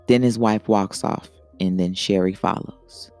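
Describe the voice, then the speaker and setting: A man's voice: on the low side, fairly even intonation, a little slow, vocal fry, a little mellow, soft background music. A man hosting a show and reading an erotic story aloud in a casual, bawdy manner.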